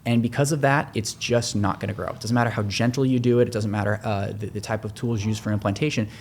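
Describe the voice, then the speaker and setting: A man's voice: on the low side, fairly even intonation, quick pace, darkish tone, slight background noise. A man who works as a hair transplant surgeon, explaining his views in a podcast interview, thinking aloud with frequent restarts.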